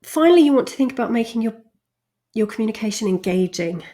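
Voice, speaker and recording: A woman teaching a communication lesson, chatty and quick to laugh, stressing key words. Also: on the high side, expressive, dark tone. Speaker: communication coach. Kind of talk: recorded lesson.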